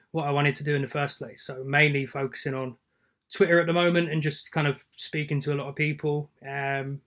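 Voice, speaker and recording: A man, a guest film reviewer chatting on a podcast in a relaxed, plain-spoken way. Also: on the high side, brisk. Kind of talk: casual podcast chat.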